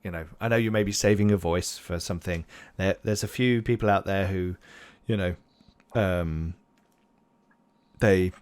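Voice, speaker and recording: A man with a low voice voicing a nervous, overly polite male alien guide who rambles and hesitates in a tabletop game. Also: normal speed, clear, resonant tone, natural voice. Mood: apologetic.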